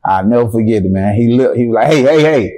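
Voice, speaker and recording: A young Atlanta man with a Southern accent tells a story as a guest in a relaxed interview. His voice sits at an ordinary middle pitch. He talks in a profane, animated way and keeps jumping into the voices of the people in his story. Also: fast. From Atlanta, Georgia.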